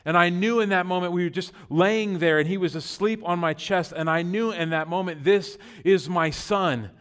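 A man preaching a sermon, telling personal stories conversationally, shifting between loud bursts and quiet, intimate moments. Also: sits high, a little fast, smooth. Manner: conversational with fillers like "like" and "you know". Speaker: pastor.

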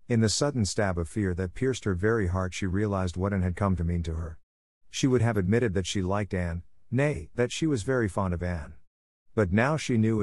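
Low-voiced man narrating a storybook. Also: a little mellow, dry recording, clean studio sound. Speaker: audiobook narrator. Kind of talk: scripted narration.

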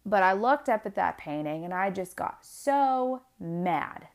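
A woman in her twenties, a single mother, telling a personal story candidly and with feeling, her voice climbing higher and louder whenever she gets worked up. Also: unhurried. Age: 20s. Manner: candid and animated, rising in pitch and loudness when upset, many restarts. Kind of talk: emotional personal storytelling to camera.

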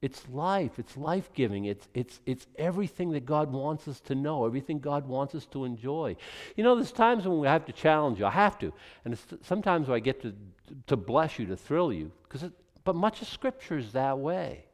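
Excitable male preacher in a reverberant hall. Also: on the high side, normal speed. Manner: animated, excitable preaching with repeated restarts. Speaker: pastor. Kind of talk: sermon.

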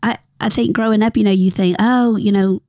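A woman's voice: mid-range voice, steady tone, brisk, warm tone, dry recording, clean studio sound. A woman giving an earnest, emphatic devotional Bible talk. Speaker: Bible teacher.

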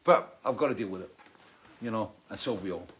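A man's voice: lowish voice, lively intonation, quick pace, a bit bright, slight background noise. Rambling, sweary man. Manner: rambling and sweary, heavy on "you know". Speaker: show host. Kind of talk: casual livestream chat.

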